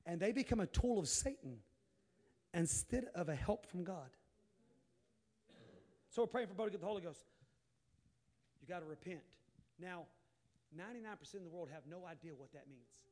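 High-voiced preacher with shouted bursts. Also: male voice, animated, moderate pace, long pauses. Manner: preaching with sudden shouted bursts and quiet asides. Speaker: pastor. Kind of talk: sermon.

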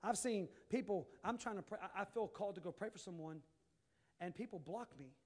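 A high-pitched man delivering a sermon. He drops to quiet, confiding asides, then rises into loud, emphatic calls. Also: fairly quick. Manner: preaching with sudden shouted bursts and quiet asides. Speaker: pastor.

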